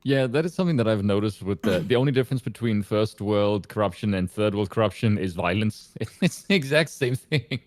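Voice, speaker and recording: Low-voiced wry South African-born man. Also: lively intonation, brisk, hardly any pauses. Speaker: guest. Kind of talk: casual live-stream chat.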